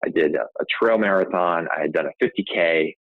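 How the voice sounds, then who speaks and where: A man's voice: sits low, fairly quick, no echo. A man, a podcast host, casually telling a personal story, rambling with frequent restarts and fillers. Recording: tinny phone-like line, dry.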